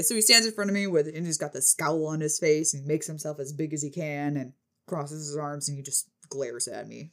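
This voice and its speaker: Woman vlogger, lowish voice, lively self-mocking storytelling, rambles. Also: a little fast. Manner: animated, self-mocking, frequent laughs; rambling with restarts and fillers. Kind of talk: casual storytelling.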